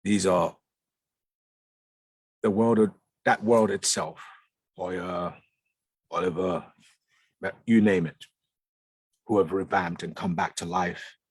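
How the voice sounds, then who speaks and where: Male guest speaker, low husky voice, emphatic and insistent, dry close sound. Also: steady tone, slow pace, pauses often, darkish tone, no room sound. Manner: emphatic, repeats words for stress. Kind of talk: conversational talk. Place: lounge.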